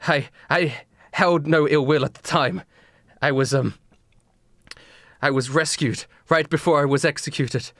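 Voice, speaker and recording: Bitter young cyborg dude, grim and blaming, gm doing the voice, a little higher than normal. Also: male voice, measured pace, fairly bright tone, dry recording, studio quality. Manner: accusing, grim. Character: bitter young male cyborg, once a captive kid.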